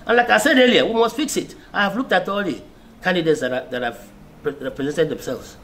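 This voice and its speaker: Emphatic Nigerian man, high-pitched speaker. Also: brisk, a bit bright, slight background noise. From Abia State, Nigeria. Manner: emphatic, insistent, with repetitions and restarts. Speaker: senior lawyer and political speaker. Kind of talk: political speech to camera.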